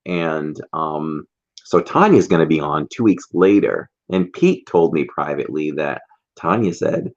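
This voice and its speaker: A man's voice: very deep voice, lively intonation, a little slow. A man co-hosting a casual livestream, telling teasing stories and laughing often. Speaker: livestream co-host. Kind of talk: casual chat. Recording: dull lo-fi stream audio.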